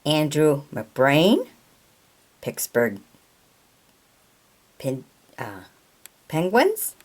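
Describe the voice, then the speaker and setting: A woman reading out players and teams from her trading card collection, sounding each name out haltingly and tripping over hard ones. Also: deep voice, huge pitch swings. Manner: reads names haltingly, stumbles on pronunciations. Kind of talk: slow read-out of trading cards.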